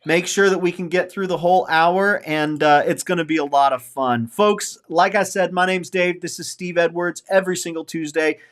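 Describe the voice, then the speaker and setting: A man's voice: high voice, fairly even intonation, normal speed, hardly any pauses, a bit bright. A man in his forties hosting a casual podcast, talking earnestly and openly about his feelings, circling back and repeating himself as he goes. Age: 40s. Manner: earnest, openly emotional, rambling with repeated phrases. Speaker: podcast host.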